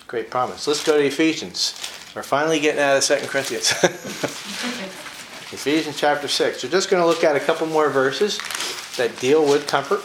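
A man teaching the Bible in a relaxed, conversational way, often chuckling and reading verses slowly with emphasis. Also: on the high side. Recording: echoey room with faint ambient noise.

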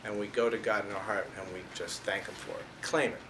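His voice is lowish, steady, and a bit bright, moving fairly quickly through an informal Bible lesson delivered like a conversation. He emphasizes key words hard and chuckles at his own humor, in an echoey room with faint noise.

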